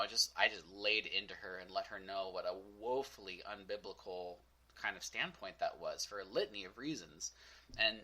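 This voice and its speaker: A man's voice: fairly low pitch, bright, forceful tone, low-quality recording. A young man hosting a podcast, telling a personal story in a candid, reflective way with many fillers. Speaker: podcast host.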